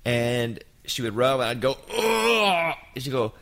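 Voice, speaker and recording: A man in his fifties hosting a casual chat, telling an anecdote with lively jumps into quoted voices. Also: medium pitch, fairly quick. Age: 50s.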